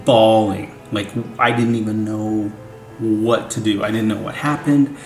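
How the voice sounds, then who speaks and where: A man's voice: fairly low pitch, measured pace. A young man, a father, telling a family story in a casual, rambling way, full of "like" and "you know". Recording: echoey room, faint music.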